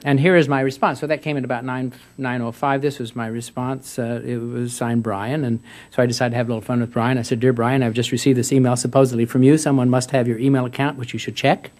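A man's voice: mid-range voice, level tone, fast talker, a little mellow. A man in his sixties, an American university president, giving a humorous speech and reading letters aloud in a folksy, storytelling way. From United States. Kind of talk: humorous public speech at a luncheon forum. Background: audience laughter.

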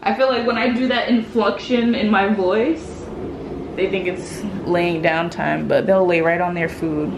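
A mid-range female voice with fairly even intonation and a slightly slow pace comes through an echoey room with background noise. She's a young mom of triplets doing a relaxed kitchen vlog, speaking to camera and sweet-talking her toddlers in a sing-song way.

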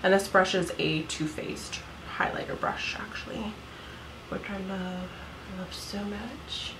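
A woman in her thirties, a beauty vlogger, chats her way through a makeup tutorial at home. Her voice sits at medium pitch with a measured pace, and she's giggly, leaning heavily on "like" as a filler. There's noticeable background noise.

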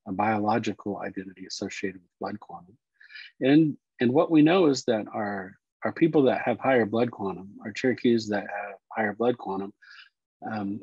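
A man teaching Cherokee words and culture, explaining slowly and repeating each word. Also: on the low side, a little mellow, slightly rough, no room sound, lo-fi sound. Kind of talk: explanatory lesson talk.

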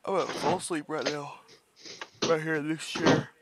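A man's voice: fairly high pitch, fairly even intonation, moderate pace, heavy background noise. A young man streaming a shooter game, joking and trash-talking his teammates. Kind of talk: casual gaming chat. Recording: music playing behind.

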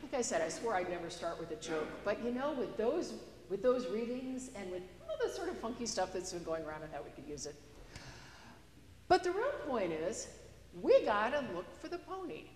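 A woman's voice: mid-range voice, sing-song, brisk, a little mellow, a little hiss or hum. A woman pastor preaching a sermon in a chatty, storytelling way, recorded in a church. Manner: conversational, storytelling with a joke. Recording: echoey church with long reverb.

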